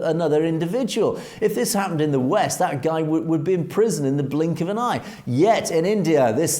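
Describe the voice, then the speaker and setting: A man's voice: on the high side, mellow. A man co-hosting a political news commentary show, speaking emphatically with frequent hesitations. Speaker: co-host.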